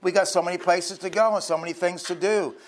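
Earnest preacher, higher-pitched man. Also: steady tone, fast talker. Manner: earnest, conversational storytelling. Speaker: pastor. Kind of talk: sermon.

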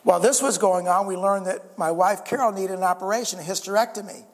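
A man's voice: sits high, steady tone, fast. A male pastor preaching a sermon in an earnest way, with stammered restarts and calls for an amen. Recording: reverberant church hall.

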